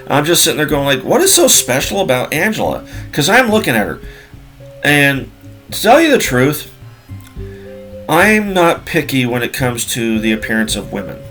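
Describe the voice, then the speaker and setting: Brief: man, 40s, mid-pitched, loose rambling anecdote, faint music behind. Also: a bit bright. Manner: rambling, repeats himself, many fillers. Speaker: storyteller. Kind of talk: casual spoken storytelling.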